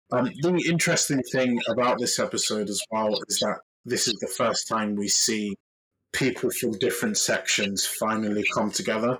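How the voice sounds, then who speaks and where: A man's voice: on the low side, fairly bright tone, slightly rough, poor audio. A man hosting a podcast, chatting casually with frequent fillers. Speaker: podcast host. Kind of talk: casual chat.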